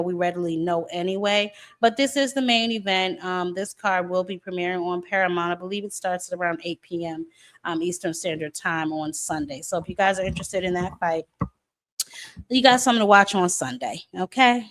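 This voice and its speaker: Sassy female boxing stream host, chatty and playful with viewers. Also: on the low side. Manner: sassy, calls viewers baby and y'all. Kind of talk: casual live-stream chat.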